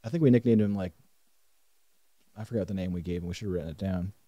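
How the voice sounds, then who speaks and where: A young man co-hosting a podcast, telling a story in a casual, animated way and swearing freely. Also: deep voice, fast, no room sound. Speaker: podcast co-host. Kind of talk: casual chat.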